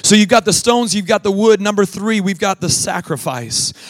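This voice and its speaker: Young male preacher, fairly high voice, dry close sound; moves from loud emphatic preaching to hushed storytelling, laughs at his own tales. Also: normal speed, no room sound. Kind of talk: sermon with a told childhood story.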